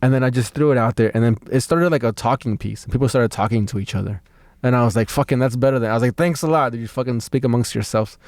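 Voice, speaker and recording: This stand-up comic and podcast co-host talks quickly in a mid-range voice, recorded dry with clean studio sound. Chatting casually, he tells an animated story, cursing freely and doing voices for each character.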